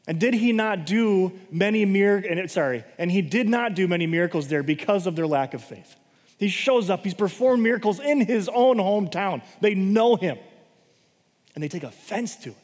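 A man with a fairly high voice preaches a sermon. He reads scripture passages aloud and breaks off to explain them, checking in with "okay" and "right". His voice rings out with the long reverb of a large hall.

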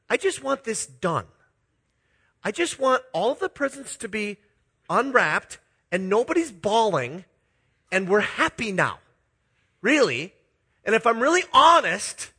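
Here a middle-aged Minnesota pastor preaches with a high-pitched, bright voice that is forceful in tone and slightly rough. His sermon is made of personal stories told in a self-deprecating, confessional style, punctuated by chuckles.

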